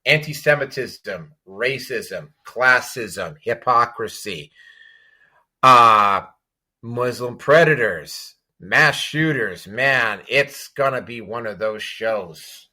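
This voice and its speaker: A man's voice: medium pitch, lively intonation, slow, bright, forceful tone. A man hosting a podcast, chatting loosely through a list of topics with plenty of fillers and restarts. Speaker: show host.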